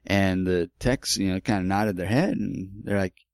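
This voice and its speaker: A man's voice: low voice, moderate pace, a little mellow, no room sound, clean studio sound. A man in his forties telling a personal story in a casual, rambling way, candid and with some swearing. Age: 40s. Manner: rambling, candid, with profanity and restarts.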